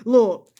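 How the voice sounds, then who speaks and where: Chatty woman hosting a crochet lesson. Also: lo-fi sound. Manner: chatty, frequent laughter, self-deprecating; addresses viewers as y'all. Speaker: crochet tutorial host. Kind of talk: casual talk-through tutorial.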